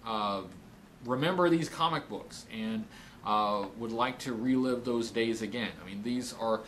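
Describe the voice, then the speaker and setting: A man hosting a casual Q&A vlog, reading viewer questions aloud and answering in a halting, thoughtful way with frequent pauses. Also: mid-range voice, a bit bright, slight background noise. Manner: reads viewer questions aloud, then answers them plainly.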